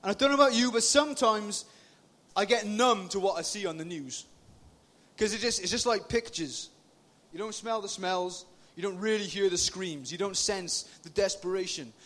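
A man in his forties giving an informal, lively youth sermon into a PA microphone in a meeting hall, sometimes breaking into shouts. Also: high-pitched. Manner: chatty, lively, bursts into shouting. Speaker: youth speaker.

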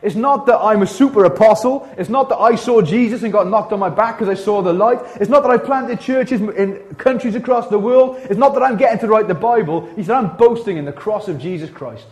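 A Welsh man preaches as a pastor, his church sermon lively and peppered with slang and rapid asides. He talks conversationally, pitched slightly higher than the typical male voice.

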